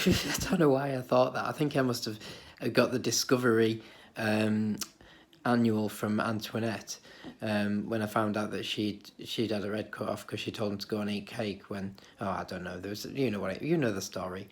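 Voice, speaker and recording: A man's voice: on the low side, fairly even intonation, moderate pace. Rambling, nostalgic man. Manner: meandering, nostalgic storytelling with chuckles. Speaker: vlogger. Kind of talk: rambling monologue to camera. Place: psychiatric hospital.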